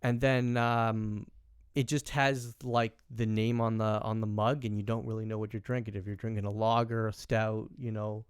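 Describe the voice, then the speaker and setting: A young man from Canada telling a story in casual podcast chat, rambling with many fillers and animated quoting. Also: on the low side, normal speed, clear, resonant tone, dry recording, clean studio sound. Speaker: podcast host.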